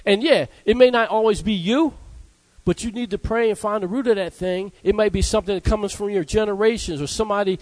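Fervent high-voiced male preacher. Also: fairly quick, no echo, poor audio. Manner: fervent call-and-response preaching, frequent "Amen?" and "Hallelujah". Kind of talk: sermon.

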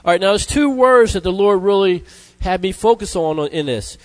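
A man preaching a sermon, emphatic, repeating key words and reading scripture slowly. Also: lively intonation, no echo, low-quality recording. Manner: emphatic, repeats words, rises in pitch for stress; reads scripture slowly in old-fashioned wording.

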